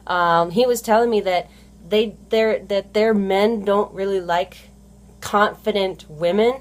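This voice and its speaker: A woman's voice: mid-range voice, fairly even intonation, measured pace. Woman, casual vlog, rambling, filler-heavy, self-correcting. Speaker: stay-at-home mom vlogger.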